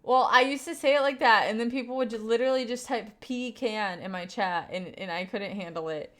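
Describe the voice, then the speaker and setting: A young woman from Kentucky, lightly Southern-accented, casually chats on stream and reads viewer messages, rambling with lots of fillers and laughter. Her voice sits on the high side and moves fairly quickly.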